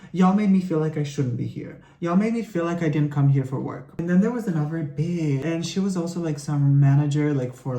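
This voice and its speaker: A man's voice: fairly high pitch, gravelly, dark tone. A young man ranting as a vlogger while he gets ready, sassy, profane and rambling, full of filler "like"s, sounding tired and a bit sick. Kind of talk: get-ready-with-me rant. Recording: echoey room.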